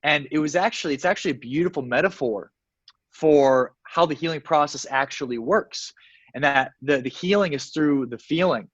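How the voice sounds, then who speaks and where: A man's voice: fairly high pitch, normal speed, dry recording, dull audio. A man, a success coach guest in an interview, telling a personal story earnestly, with many fillers and restarts.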